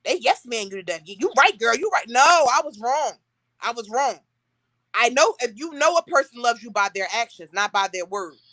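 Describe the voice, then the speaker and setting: A young woman hosting a casual chat, telling stories with animated, acted-out quotes. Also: on the high side, normal speed, no room sound. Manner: animated storytelling, acting out quotes. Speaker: podcast host.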